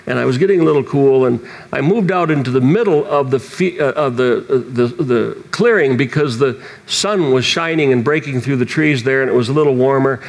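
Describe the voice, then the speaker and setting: A man's voice: medium pitch, fairly quick, gravelly, hardly any pauses. A man preaching, telling a personal story in a rambling way with restarts and chuckles. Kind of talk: sermon testimony.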